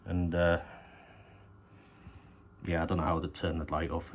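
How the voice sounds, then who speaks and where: Very deep-voiced man rambling. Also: level tone, extremely slow, slight background noise. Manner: rambling, hesitant, swears casually. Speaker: collector showing his DVDs. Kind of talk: casual unscripted show-and-tell.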